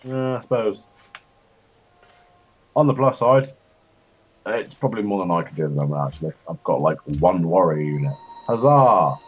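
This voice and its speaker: A man chatting and joking while playing a strategy game, rambling, with sudden high-pitched outbursts. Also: moderate pace, pauses often, slightly rough. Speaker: co-host of a gaming chat show. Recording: dull lo-fi home recording.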